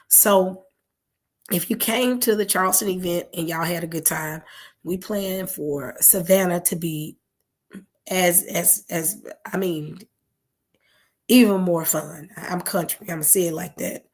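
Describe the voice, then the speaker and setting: Woman host, lower voice, hoarse, loose chatty delivery full of ums, talking straight to her viewers. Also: fairly even intonation, measured pace. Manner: rambling, many fillers and self-corrections. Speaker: channel host. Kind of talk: casual talk to viewers.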